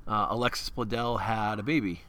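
A man's voice: lowish voice, steady tone, brisk, pushed and bright. A young man co-hosting a podcast in a rambling, jokey casual chat, laughing often. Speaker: podcast co-host.

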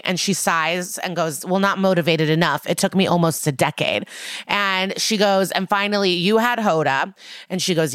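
A woman's voice: fairly low pitch, a bit bright, no echo, studio quality. A woman co-hosting a podcast, recapping a TV episode in casual chat, swearing freely and acting out the characters' lines. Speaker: podcast co-host.

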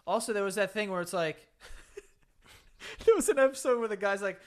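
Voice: medium pitch, moderate pace. A podcast co-host telling crude stories and laughing through casual chat.

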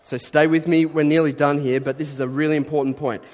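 Earnest preacher in a reverberant hall. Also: male voice, on the high side, flat delivery, fast, darkish tone. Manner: earnest, conversational preaching with rising emphatic bursts. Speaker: pastor. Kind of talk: sermon.

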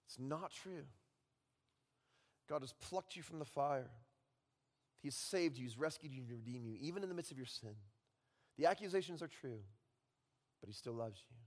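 A male pastor preaching a sermon, telling stories and dropping at times to a hushed voice. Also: mid-range voice, animated, moderate pace, long pauses. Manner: storytelling with sudden drops to a hushed voice. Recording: long reverb in a large hall.

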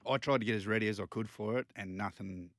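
Low-voiced Australian man recalling his career. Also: fast. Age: 30s. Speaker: guest rugby league player. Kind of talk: casual interview chat.

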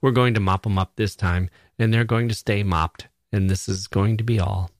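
Man reading as a young soldier, breezy, joking, offhand, low voice. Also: steady tone, normal speed, dry recording, clean studio sound, lightly acted.

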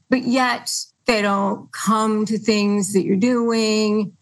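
A woman's voice: a little high, steady tone, takes it slowly, rough recording. A woman hosting an advice podcast, explaining earnestly and acting out quoted lines. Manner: earnest, quotes others in mocking put-on lines. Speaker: podcast host.

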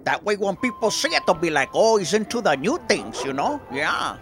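A man voicing an easygoing old-timer uncle who is proud of his cars, in a gravelly voice. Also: sits high, sing-song, normal speed, over music.

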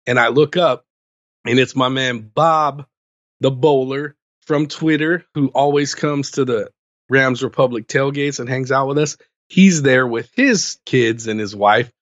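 A man's voice: medium pitch, no room sound, dull audio. A man co-hosting a sports podcast in casual chat, telling stories and ranting with lots of energy. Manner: animated ranting storyteller. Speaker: podcast co-host.

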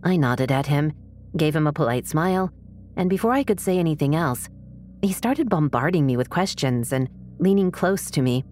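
A woman narrating a first-person true story in a measured, tense storytelling manner. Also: low-pitched, animated, darkish tone, faint music behind.

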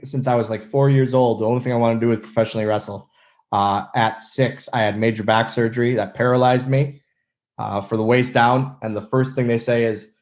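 A man in his thirties, a former wrestler, telling stories in a casual interview and acting out other people's lines. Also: mid-range voice. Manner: animated storyteller, acts out quotes.

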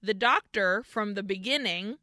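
A woman co-hosting a podcast, recapping a horror film in casual, animated chat, swearing freely and acting out the characters in quick quotes. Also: medium pitch, no echo, clean studio sound. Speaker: podcast co-host.

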